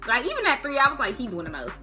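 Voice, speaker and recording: A woman's voice: sits high, very fast, over music. A woman telling a casual, slangy, profane story to camera, acting out the people in it. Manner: slangy, profane, animated, acts out quotes. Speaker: storytime vlogger.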